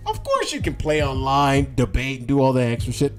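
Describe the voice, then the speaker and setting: Heated commentator with a lively pitch. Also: normal speed, faint music behind. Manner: heated, repeats rhetorical questions, swears; casual slangy speech. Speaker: political commentator. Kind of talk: livestream commentary reacting to clips.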